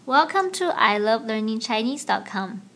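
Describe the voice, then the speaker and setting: A woman's voice: on the high side, expressive, a bit bright. Woman hosting a language lesson podcast. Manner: clear, slow teaching delivery with playful banter. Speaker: podcast host and language teacher.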